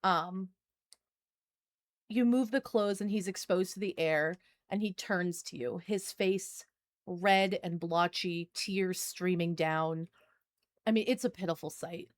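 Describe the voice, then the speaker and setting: A woman's voice: fairly low pitch, slow pace, dry recording. A woman narrating a tabletop game as game master in a casual, rambling way, with many fillers.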